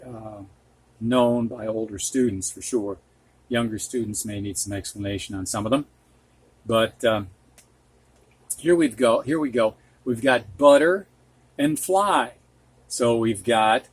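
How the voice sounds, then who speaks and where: Slow, patient husky male reading teacher. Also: mid-range voice. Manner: patient, reads words aloud slowly and repeats them. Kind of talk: slow spoken reading lesson.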